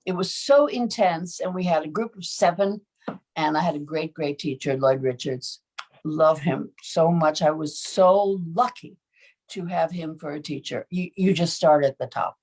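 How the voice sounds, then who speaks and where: A woman's voice: low voice, moderate pace. A woman in her seventies, an actress recounting her early career in an interview, telling stories with frequent chuckles and acted-out voices. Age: 70s. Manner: lively storyteller, chuckles often, acts out quoted voices. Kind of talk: anecdotal storytelling in an interview.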